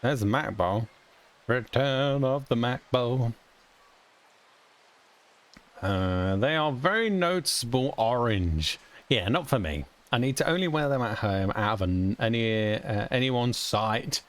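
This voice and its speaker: A young British man rambles through casual chat while streaming a game, chuckling often and cursing mildly. His medium-pitched voice has lively intonation and a slightly slow pace.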